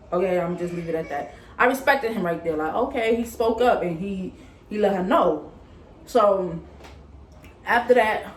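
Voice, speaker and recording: Chatty and candid, this young vlogger recounts something that happened to her, voicing the other people involved in a casual storytime. She speaks at a medium pitch in an echoey room with faint ambience and slight hiss or hum.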